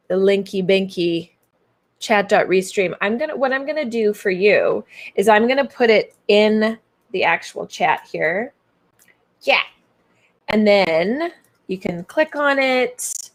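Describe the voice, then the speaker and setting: A playful, bubbly woman with a Canadian accent hosts a business coaching livestream. She talks casually to her viewers and tosses in silly made-up words. Her voice sits at a medium pitch for a woman. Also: slow.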